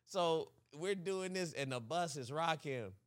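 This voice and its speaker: A man's voice: on the high side, lively intonation, unhurried. A young man co-hosting a podcast, telling a story in casual chat, acting out the quotes and laughing often. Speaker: podcast co-host.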